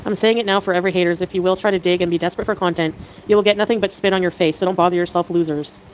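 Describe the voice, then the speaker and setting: A woman chatting casually on a livestream, excitable and giggly, with quick swings in mood. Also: fairly low pitch, a little hiss or hum, rough recording.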